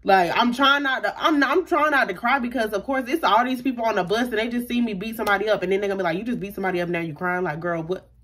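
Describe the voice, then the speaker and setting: A young woman telling a storytime vlog in an animated, slangy way, often talking straight to her viewers. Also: fairly high pitch, fast talker, hardly any pauses, slightly rough. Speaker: YouTuber.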